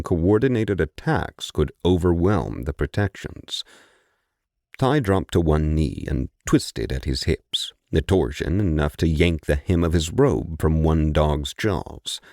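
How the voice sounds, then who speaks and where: A male audiobook narrator with a deep voice delivers scripted narration in a measured, expressive storytelling style. The studio sound is clean, with no room sound.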